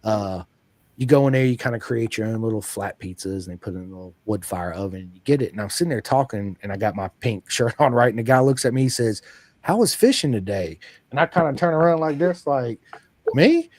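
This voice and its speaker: A man hosting a podcast in casual chat, an energetic storyteller who acts out quoted lines. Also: lowish voice, fast, dry recording. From United States. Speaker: podcast host.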